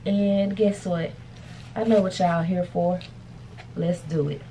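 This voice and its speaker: A woman talks with a somewhat low voice in a chatty, playful way, speaking straight to her viewers as she styles her hair. There is a faint hum of room ambience behind her. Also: fairly even intonation, slow, warm tone. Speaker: vlogger. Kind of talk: casual beauty vlog chat. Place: indoors, hotel room.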